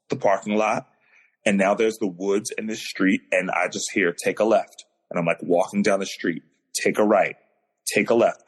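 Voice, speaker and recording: A man's voice: on the low side, slightly rough. A man, a podcast guest on a video call, telling a personal story in an earnest, emotional way that grows in intensity.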